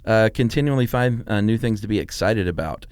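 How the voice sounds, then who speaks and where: Middle-aged male podcast co-host, easygoing and chatty, low voice, dry studio sound. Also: expressive, a little fast, a little mellow, no room sound. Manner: easygoing, laughs often. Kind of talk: casual chat.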